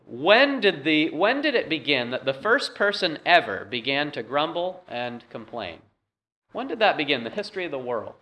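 A man's voice: fairly high pitch, a bit bright. Man preaching a conversational sermon. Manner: conversational preaching with many "uh" fillers. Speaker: pastor.

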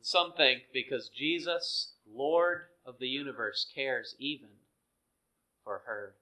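A man preaching a sermon, earnest and measured, dropping to soft, hushed phrases for emphasis. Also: medium pitch, animated, low-quality recording. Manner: slow, earnest, with dramatic soft drops.

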